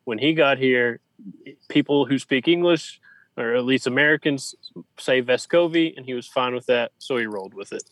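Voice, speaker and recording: A man's voice: medium pitch, moderate pace, a bit bright, no room sound, low-quality recording. A man co-hosting a sports podcast, making his points with emphatic, repeated phrasing. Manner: emphatic, listing points in rhythmic repetition. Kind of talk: casual sports talk.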